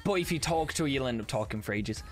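A man streaming games, chatting casually and excitably, swearing often and breaking into laughter. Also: mid-range voice, quick pace, soft background music. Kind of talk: casual gaming stream chat.

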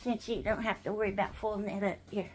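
A woman's voice: medium pitch, level tone, fast, a little mellow, husky. A woman playing with stuffed animals at home, coaxing and sing-song as she talks to them. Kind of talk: playful home play with toys. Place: home, moving between rooms. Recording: noisy home video.

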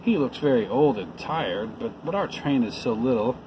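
A man's voice: mid-range voice, normal speed, background noise, natural voice. A man voicing an eager, pleading little toy clown in a storybook. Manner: pleading, excited.

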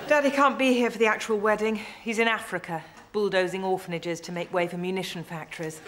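A woman's voice: mid-range voice, steady tone, fast, a bit bright, natural voice. A woman playing a pampered young bride-to-be who bargains and pleads. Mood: pleading.

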